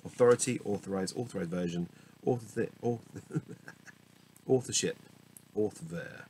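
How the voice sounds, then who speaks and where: A man's voice: lowish voice, measured pace, darkish tone, slight background noise, low-quality recording. A man reading dictionary entries aloud one after another, muttering and correcting himself with wry asides. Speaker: solo reader of a dictionary. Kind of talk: reading word lists aloud.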